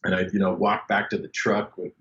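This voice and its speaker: A man, a bass player, telling stories as a podcast guest, animated and full of fillers, acting out the people he quotes. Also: a little fast. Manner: animated, acts out quoted voices, many fillers. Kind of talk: casual storytelling interview. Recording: dull lo-fi sound.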